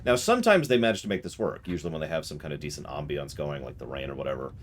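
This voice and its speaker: A low-pitched man talks through a gameplay stream in a loose, joking ramble, his voice rising and falling widely as he restarts his sentences. Game sounds play clearly underneath him the whole time. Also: very animated, rapid-fire. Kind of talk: casual let's-play commentary. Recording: game noise playing under the voice. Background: game sound effects and gunfire.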